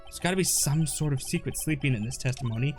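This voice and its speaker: A man's voice: medium pitch, fast. A young man hosting a let's play, joking and reading game dialogue aloud over faint game music. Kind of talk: casual gaming commentary.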